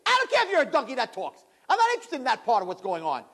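A man acting out an angry, self-absorbed sorcerer who shouts indignantly. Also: very high voice, wildly swooping pitch, very fast, slightly rough, pitched above the performer's own voice, exaggerated voice. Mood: furious.

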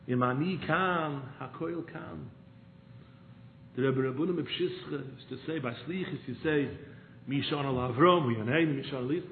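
A man giving a sermon, swinging from impassioned pleas to hushed storytelling. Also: medium pitch, reverberant. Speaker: rabbi giving a talk. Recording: tinny phone-line sound with faint noise.

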